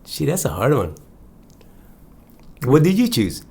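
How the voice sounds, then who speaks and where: A man speaking as a musician guest in a casual interview, soft-spoken and hesitant, often trailing off. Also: medium pitch, huge pitch swings, unhurried, creaky, slightly rough. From Hawaii.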